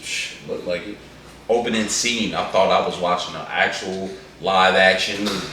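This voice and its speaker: A man with a low voice chats in an animated, slangy ramble. He sits away from the mic in a very echoey room. A faint hum runs under him. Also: moderate pace, far from the mic. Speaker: co-host reviewing an anime movie. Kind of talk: casual chat.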